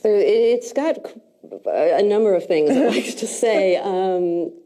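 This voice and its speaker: A woman's voice: medium pitch, expressive, slow pace, warm tone. A woman client in a coaching session, speaking hesitantly and self-consciously. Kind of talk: casual session talk.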